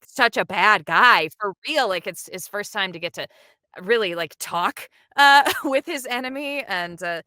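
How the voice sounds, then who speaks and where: Woman, dub director, animated interview chat, low voice, bright tone, dry close sound. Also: dry recording. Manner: animated and enthusiastic, quick asides and laughs.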